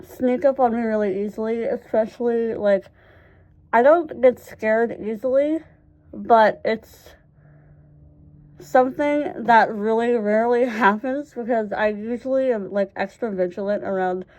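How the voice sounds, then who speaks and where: A woman's voice: a little high, a little slow, darkish tone. A young woman telling funny personal stories to camera in a casual vlog, laughing often and swearing freely. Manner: swears casually, many fillers. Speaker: vlogger. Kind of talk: casual storytime chat.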